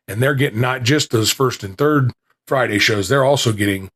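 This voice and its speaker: A man's voice: mid-range voice, normal speed, a bit bright. A man hosting a small podcast, chatting casually with restarts, then reading an old lecture aloud, his voice still recovering. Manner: rambling and self-deprecating, with restarts.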